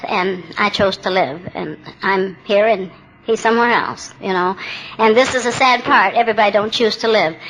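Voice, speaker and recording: At a meeting, a woman in her seventies gives personal testimony about her own recovery, speaking candidly and plainly with wry humor. Her mid-range voice has a fairly bright tone, and the recording is rough.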